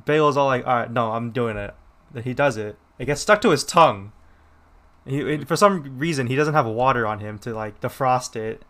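A young man chatting casually on a podcast and telling a story in a loose, rambling way. His pitch sits in the middle, and he keeps acting out what other people said. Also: normal speed, fairly bright tone. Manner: rambling, lots of "like", quoting others. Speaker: podcast co-host.

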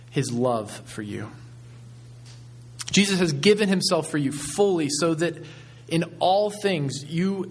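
Male pastor, somewhat high voice, measured sermon storytelling with fillers.

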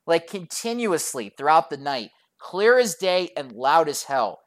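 A woman's voice: sits low, big pitch swings, measured pace. A woman narrating a storytime vlog in a profane, sarcastic, exasperated way.

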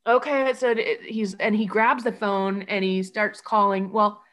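Shaken woman recounting in halting bursts. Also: medium pitch, fairly even intonation, a bit bright. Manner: halting, full of restarts and quoted speech. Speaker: guest telling her story. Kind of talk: emotional personal account.

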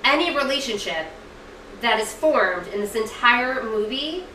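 A woman co-hosting a casual film review podcast, animated and swearing freely as she acts out lines from the movie. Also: on the high side, a little slow, echoey room, recorded from a distance, slight background noise, poor audio. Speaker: podcast co-host.

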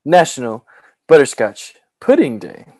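A man runs a casual podcast, tossing out jokes and playful asides to his co-host. His pitch leaps up and down as he talks. The recording is dry and close, with no room sound. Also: measured pace, no echo. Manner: playful, joking, animated. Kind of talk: casual chat.

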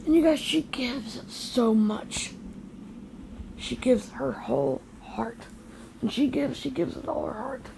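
Angry gravelly older woman ranting. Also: on the high side, takes it slowly, background noise. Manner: angry, scolding, emotional. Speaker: grandmother vlogger. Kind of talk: angry direct-to-camera rant. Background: quiet house at night.

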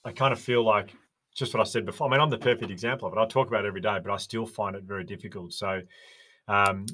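An Australian man talks on a casual podcast in a slightly low voice. He tells stories with energy and slips into the voices of the people he describes. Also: fast. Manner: animated storyteller, acts out quoted voices. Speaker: podcast guest, resilience educator. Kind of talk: casual interview chat.

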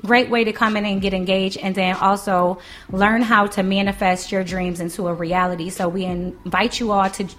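A woman's voice: mid-range voice, moderate pace. Joking woman podcast co-host. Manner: joking, animated. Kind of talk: casual podcast chat.

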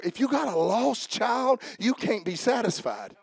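A man's voice: very high-pitched, sing-song, measured pace, vocal fry, few pauses, breathy edge, dry recording. A man preaching a sermon as a pastor, emphatic and rousing.

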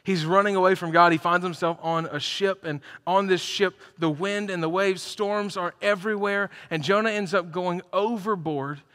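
A man preaching a sermon to a live congregation, telling stories with energy and building to loud, emphatic peaks. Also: high voice, fairly even intonation, moderate pace, few pauses. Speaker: pastor. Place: church hall, live congregation. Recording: reverberant church hall.

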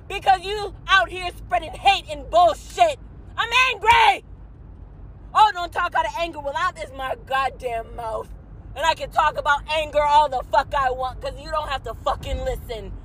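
A woman venting angrily in a vlog from a car, swearing a lot and rambling, breaking into shouts. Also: high voice, slight background noise, rough recording. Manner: profane, shouting in bursts, rambling.

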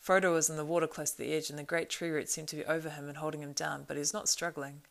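A woman narrating a storybook in a measured, expressive reading. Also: deep voice, vocal fry. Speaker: audiobook narrator.

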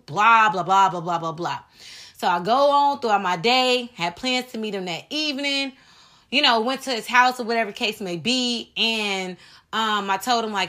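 A woman hosting a podcast, telling a personal story in an animated, dramatic way and speaking straight to her listeners. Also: on the high side, moderate pace. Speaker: podcast host.

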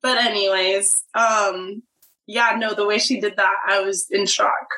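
A woman's voice: medium pitch, fairly even intonation, measured pace, sharp tone, low-quality recording. A young woman co-hosting a podcast, chatting casually about a reality show, giggly and saying "like" often. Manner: chatty, giggly, uses "like" a lot. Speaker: podcast co-host.

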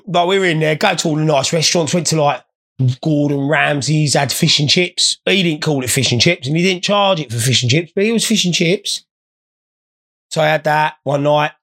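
A man telling rambling, sweary comic anecdotes in a blokey way. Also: a little high. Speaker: storyteller. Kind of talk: comic storytelling.

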